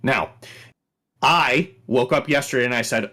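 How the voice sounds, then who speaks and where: A man's voice: medium pitch, unhurried, long pauses. A man hosting a talk show, addressing the audience and firmly moderating his co-hosts. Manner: animated, firm moderator. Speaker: show host.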